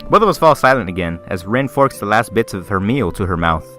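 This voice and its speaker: A man's voice: on the low side, big pitch swings, a little fast, fairly bright tone, faint music behind. A young man hosting a let's play, reading a visual novel aloud and interrupting with crude, mocking jokes.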